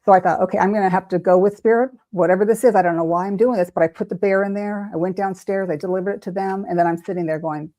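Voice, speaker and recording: An older woman recounts a personal experience as an interview guest, her voice low and mellow. She talks animatedly and slips into the voices of the people she quotes. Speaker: intuitive reader, interview guest. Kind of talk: storytelling in an interview.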